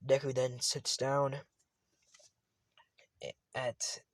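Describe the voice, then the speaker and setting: A man's voice: mid-range voice, completely flat delivery, very slow, dry recording. A man casually retelling a fan story, rambling and often correcting himself.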